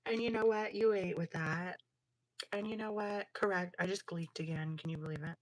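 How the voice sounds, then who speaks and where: A woman's voice: lowish voice, fairly even intonation, normal speed, no echo. A woman hosting a casual livestream, chatting in a sassy, slangy way while crafting jewelry. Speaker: livestream host.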